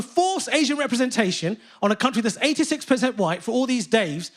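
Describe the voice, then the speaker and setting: A British man doing stand-up on a theatre stage, animated, profane and mock-indignant. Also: extremely high pitch, fast talker, few pauses. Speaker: stand-up comedian. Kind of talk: stand-up comedy. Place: theatre stage with live audience.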